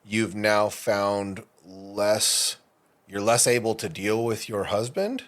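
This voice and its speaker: A man's voice: fairly low pitch, slow, slight background noise. A man co-hosting a casual podcast, blunt and jokey, swearing freely. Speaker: podcast co-host. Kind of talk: casual recovery-group conversation.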